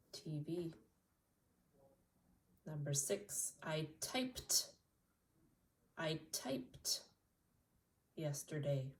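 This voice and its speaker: A woman from Canada teaching an English lesson, repeating words slowly and clearly. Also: sits low, distant mic. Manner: slow, deliberate repetition of single words.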